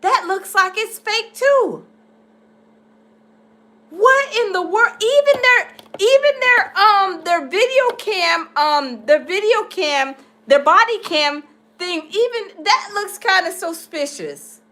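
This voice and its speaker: Female reaction host, high-pitched and lively, animated and exclaiming. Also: slow. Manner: animated, exclaiming, laughing often. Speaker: reaction streamer. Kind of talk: live reaction commentary.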